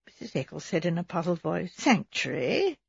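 A woman narrating a mystery audiobook in a measured way, also voicing a gentle vicar's wife. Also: mid-range voice, vocal fry, breathy edge, no room sound, highs cut off.

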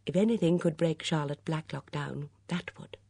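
A woman reading as an elderly lady sleuth, explaining a crime in measured, earnest tones. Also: deep voice, vocal fry, dark tone, slightly rough, no room sound, pitched below the performer's own voice, heavily acted. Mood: urgent. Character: elderly woman sleuth, gentle but grave.

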